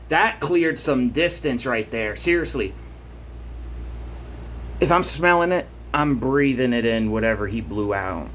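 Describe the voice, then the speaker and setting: A man's voice: mid-range voice, fairly bright tone, slight background noise. A man vlogging in a blunt, profane rant, getting worked up as he talks. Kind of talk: casual rant to camera.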